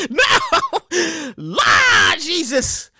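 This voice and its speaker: A man hosting his own comedy show, reacting to odd news stories with loud exclamations, cursing and bursts of laughter. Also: very high-pitched, noisy background. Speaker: podcast host.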